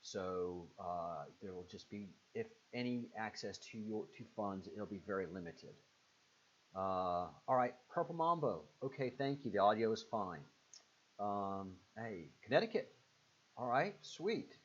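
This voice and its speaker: A man with a Southern accent hosts a live stream and answers viewer comments in a loose, rambling way, with plenty of uhs along the way. His voice sits on the low side. The audio is dull and muffled, like a cheap computer mic at a desk. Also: expressive, measured pace. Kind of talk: casual live stream chat reading comments.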